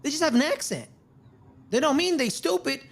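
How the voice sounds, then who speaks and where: A woman's voice: sits high, animated, moderate pace. A woman co-hosting a casual movie review podcast, pressing her point insistently in a friendly debate. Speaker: podcast co-host.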